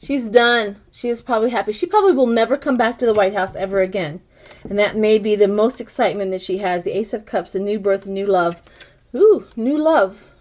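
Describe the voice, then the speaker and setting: A woman's voice: medium pitch, fast, a little mellow. Older woman musing through a tarot reading. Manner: musing aloud as she interprets each card; chatty, speaks directly to viewers. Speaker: tarot reader. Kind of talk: casual tarot reading to camera.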